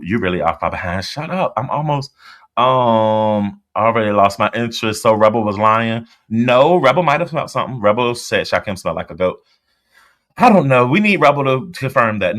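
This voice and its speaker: A man with a deep, low-pitched voice hosts a casual livestream. He talks bluntly and chattily, reacting out loud to viewer comments as he reads them. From US East Coast. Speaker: livestream host.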